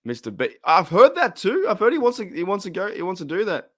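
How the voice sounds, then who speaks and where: A man's voice: sits high, big pitch swings, fast, fairly bright tone, no echo, clean studio sound. A man with an Australian accent hosting a casual live stream, rambling and chatty, reading out chat and laughing often.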